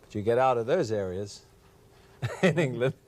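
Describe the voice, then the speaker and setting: A man's voice: mid-range voice, animated, moderate pace. A man being interviewed as a guest on a TV show, speaking mildly and hesitantly with many ums. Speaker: actor, guest. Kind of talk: casual interview chat. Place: TV studio.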